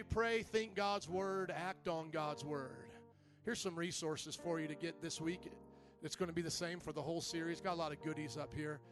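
A male pastor giving an animated sermon in a church, calling for amens from the congregation. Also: on the high side. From Italian-American family. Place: church sanctuary.

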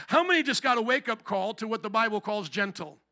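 A man's voice: high voice, big pitch swings, normal speed, pushed and bright. A man preaching a sermon as pastor, putting emphatic rhetorical questions to his congregation.

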